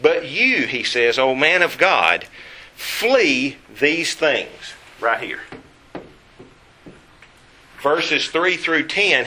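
A man preaching a Bible lesson, emphatic and slowing down to stress key words. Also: a little high, bright, forceful tone, slight background noise.

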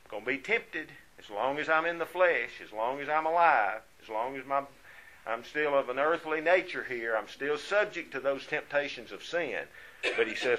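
A man's voice: medium pitch, animated, moderate pace, pushed and bright, low-quality recording. Earnest man teaching a Bible study. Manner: earnest, rises in volume when reading scripture.

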